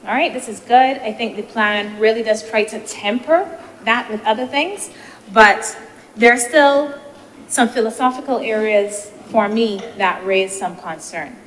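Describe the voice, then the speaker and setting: A woman senator giving a measured, deliberative parliamentary speech, posing rhetorical questions, into a desk microphone in a legislative chamber. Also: fairly high pitch. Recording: reverberant chamber with faint noise.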